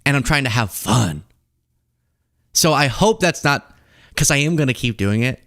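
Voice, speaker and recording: A man from the American South hosting a casual political commentary show, animated and jokey as he reads chat comments. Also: dry recording, studio quality. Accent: General American, Southern accent mostly lost. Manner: animated, jokey, rapid shifts in pitch.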